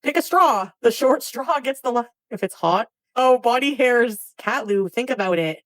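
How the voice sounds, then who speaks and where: A woman's voice: fairly high pitch, expressive, normal speed, no room sound, low-quality recording. A woman livestreaming, chatting casually with her viewers and often laughing. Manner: chatty, reacts to chat names, laughs often. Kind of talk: casual chat with live viewers.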